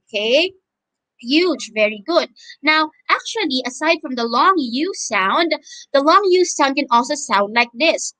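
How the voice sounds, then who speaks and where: Woman, Filipino accent, teacher, drawn-out words, high voice, deliberate pace. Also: sharp tone. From Philippines. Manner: drawn-out, repeating words for learners to echo. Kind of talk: online phonics lesson.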